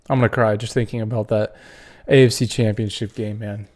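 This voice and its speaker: A man's voice: on the low side, little pitch movement, brisk, hardly any pauses, darkish tone. A man hosting a casual sports tier-list video, ranting with strong opinions and the odd curse. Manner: opinionated, fired-up ranting with cursing. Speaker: podcast host.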